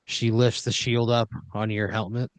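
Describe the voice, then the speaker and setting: A man's voice: fairly low pitch, little pitch movement, moderate pace, no room sound. A man improvising a second-person story as a podcast storyteller, rambling with uhs and restarts.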